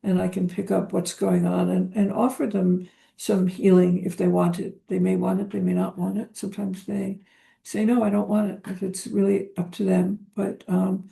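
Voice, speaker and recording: A woman guest, a psychotherapist, talking in a reflective, hesitant way with frequent pauses and ums during a spiritual interview. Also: mid-range voice, level tone, gravelly, dark tone.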